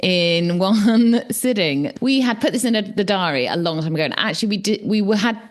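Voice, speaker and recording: A woman in her forties co-hosting a podcast, telling a long story in a chatty, animated way and laughing often. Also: medium pitch, fast. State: slight sore throat. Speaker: podcast co-host. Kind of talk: casual chat.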